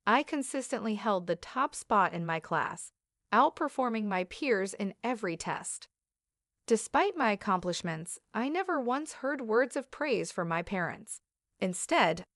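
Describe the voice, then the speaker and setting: A woman telling a first-person story in a measured, even reading voice. Her pitch sits in the middle range and the sound is dry and close, with no room echo. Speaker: narrator.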